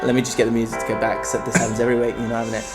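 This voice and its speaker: A man's voice: medium pitch, completely flat delivery, racing, music in the background. A man co-hosting a casual football podcast, reading listener stories aloud and joking. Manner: reads listener stories aloud, jokey and swearing. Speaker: podcast co-host.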